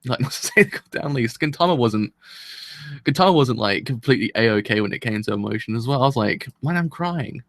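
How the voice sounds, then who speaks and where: A man's voice: medium pitch, a little fast, a bit bright, no echo. A man hosting a live anime reaction, talking in a rambling, chatty and self-deprecating way and laughing often.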